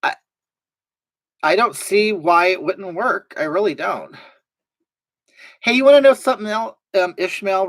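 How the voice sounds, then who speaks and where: Drag performer on a livestream, gossipy, blunt, pitch leaps up and down, dry close mic. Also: dry recording, rough recording. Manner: gossipy, blunt storytelling with big swings in pitch. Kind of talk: casual livestream chat, reading viewer comments.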